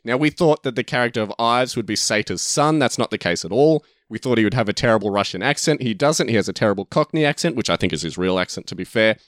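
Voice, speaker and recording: A man's voice: mid-range voice, animated, fast talker, few pauses, dry recording, clean studio sound. A man hosting a podcast, casually recapping a movie in long, rambling, self-correcting explanations. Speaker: podcast host.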